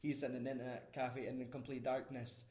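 A man talks over a film in a loose, rambling way, stacking fillers and dropping swear words. His voice sits at an ordinary pitch for a man. The room around him rings with echo. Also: flat delivery, fast, darkish tone. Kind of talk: casual film discussion. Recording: roomy echo.

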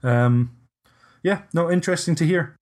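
A man's voice: fairly high pitch, moderate pace, a little mellow. A man hosting a casual podcast discussion, hesitant and often restarting his sentences. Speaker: podcast host.

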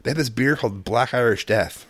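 A man casually telling rambling, profane stories in a relaxed chat, laughing often. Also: mid-range voice, fairly quick, no echo.

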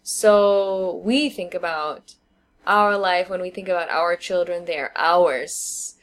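A woman co-hosting a casual podcast chat, explaining her views at length with thoughtful pauses and fillers. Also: lowish voice. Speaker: podcast co-host. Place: living in China.

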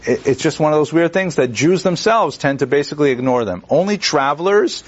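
A man's voice: on the high side, expressive, a little fast, dull audio. A man giving a university lecture in a loose, conversational way, with many fillers and restarts and wry, acted-out asides. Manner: acts out quoted figures with wry humor.

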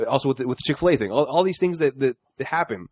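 A man's voice: medium pitch, animated, rapid-fire, darkish tone, slightly rough, dry recording. A man co-hosting a podcast in casual chat, often stammering and repeating words. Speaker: podcast co-host.

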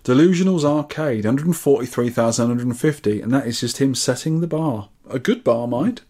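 A man's voice: medium pitch, normal speed, dark tone. A man from England co-hosting a podcast, reading out listener scores and comments with wry asides in casual chat. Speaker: podcast co-host.

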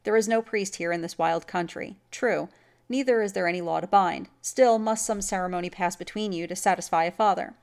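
A woman plays a stern, secretive middle-aged huntsman in a read-aloud story. He speaks in a solemn, commanding way. The voice carries a gravelly rasp. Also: on the low side, a little fast, a little mellow. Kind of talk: audiobook story reading.

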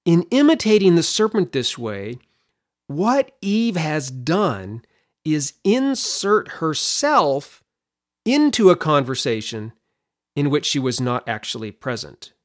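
A man teaching a Bible passage, his voice pitched a little higher than most men's. His delivery is animated and expressive. He often repeats a word as he works through his point. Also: slow pace. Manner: animated, explanatory, repeats words while thinking.

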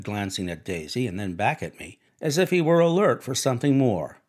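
A man narrating a classic novel as an audiobook, reading in a measured, expressive way. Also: lowish voice, husky.

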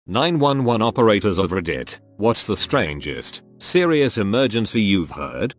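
A man narrating anonymous online stories in a steady read-aloud style. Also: fairly low pitch, normal speed. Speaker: narrator reading online posts. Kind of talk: scripted narration. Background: faint music.

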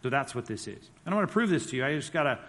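This Bible teacher races along in a sing-song, fairly bright, mid-range voice while teaching a church class with slides. He's conversational and emphatic and reads quotes aloud, his words carried by a hall's long reverb.

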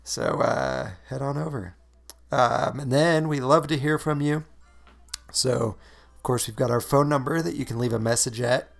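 A man's voice: medium pitch, normal speed, creaky, faint music behind. A man co-hosting a casual podcast, chatty and laughing often. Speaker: podcast co-host. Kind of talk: casual chat.

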